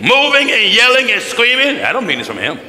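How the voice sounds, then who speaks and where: An American man preaching a sermon in a large hall, his voice bright and ringing, with long reverb trailing each phrase. He talks in a folksy, animated way and swings his pitch widely. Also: brisk. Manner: animated, folksy, mimics people with shouts and laughs. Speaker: pastor.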